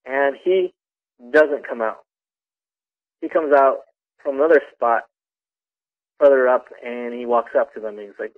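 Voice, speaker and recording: A young man calling in to a radio show, telling a personal story in a halting way, repeating words and restarting sentences. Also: mid-range voice. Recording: tinny phone line on radio.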